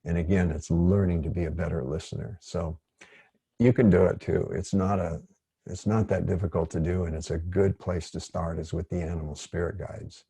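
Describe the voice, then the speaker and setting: A man leading an online workshop, speaking in a gentle, rambling, digressive way. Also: sits low, steady tone, normal speed, creaky, breathy edge, dry recording. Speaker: workshop facilitator.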